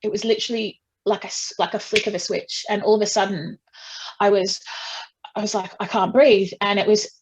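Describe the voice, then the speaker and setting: A woman's voice: mid-range voice, fairly even intonation, brisk, noisy background. Woman telling a personal story candidly. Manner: frank and self-deprecating, many fillers and restarts. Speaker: interview guest.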